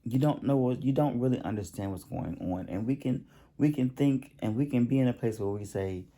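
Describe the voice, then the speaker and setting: A man giving a spiritual healing talk to the camera, halting and repeating himself, often pausing to excuse himself and yawn. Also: mid-range voice, warm tone. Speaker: self-help channel host.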